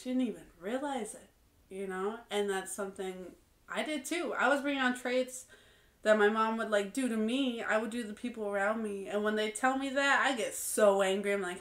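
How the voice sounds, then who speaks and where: A young woman speaks in an earnest, candid way, leaning on fillers as she reflects out loud. Her voice sits at an ordinary middle pitch. The room rings with a noticeable echo. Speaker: vlogger. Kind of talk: casual reflective monologue. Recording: roomy echo.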